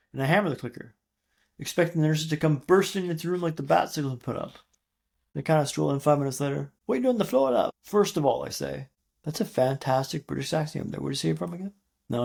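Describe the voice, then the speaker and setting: A man in his thirties, a podcast guest telling his recovery story dramatically, with repeated refrains and pauses. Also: on the high side, gravelly, a little mellow, husky. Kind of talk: storytelling interview.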